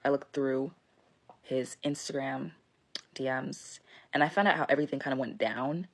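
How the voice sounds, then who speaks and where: A woman's voice: very deep voice, steady tone, normal speed. A young woman telling a casual storytime into her phone, rambling with lots of fillers and frequent swearing.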